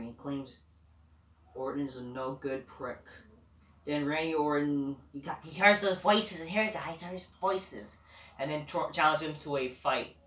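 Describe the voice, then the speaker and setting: A woman's voice: a bass voice, a bit bright, far from the mic. A woman giving a blunt, profane, rambling recap of a wrestling show. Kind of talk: casual ranting recap. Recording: echoey room, away from the mic.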